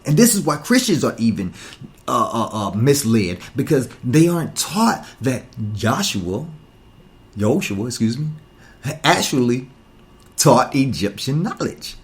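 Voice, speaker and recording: Preachy man with lively pitch. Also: measured pace. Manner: preachy, rhetorical questions, emphatic repetition. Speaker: talk show host. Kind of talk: impassioned monologue.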